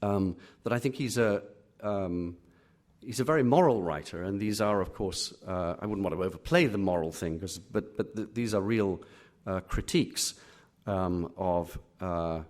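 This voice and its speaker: A middle-aged Englishman, a literary critic answering audience questions at a live reading, full of pauses and restarts. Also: sits low, a little mellow. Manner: hesitant, many fillers and restarts. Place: auditorium.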